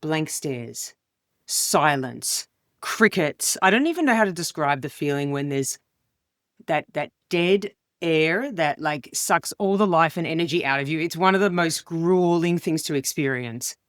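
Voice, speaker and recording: A woman's voice: measured pace, no echo, clean studio sound. A woman, a comedian and speaker, telling stories in an interview and acting out the voices of the people she quotes. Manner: expressive, acts out quoted voices with big pitch jumps. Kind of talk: animated storytelling in an interview.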